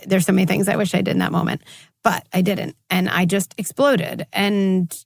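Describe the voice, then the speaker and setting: A woman's voice: mid-range voice, normal speed, vocal fry, dry recording, clean studio sound. Candid woman psychologist on a podcast. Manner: candid, animated when quoting others. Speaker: psychologist guest. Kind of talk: interview answers.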